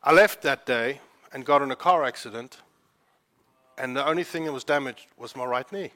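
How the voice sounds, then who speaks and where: A man voicing a blunt woman he met, speaking loudly and directly. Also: medium pitch, moderate pace, lightly acted. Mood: matter-of-fact. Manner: loud and pointed. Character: brusque middle-aged woman stranger, blunt.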